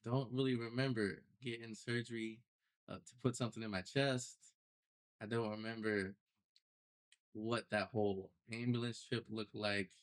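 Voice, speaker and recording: A young man, a podcast guest, telling his personal story in a casual, animated way with loose slang. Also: fairly low pitch, normal speed. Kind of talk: storytelling interview.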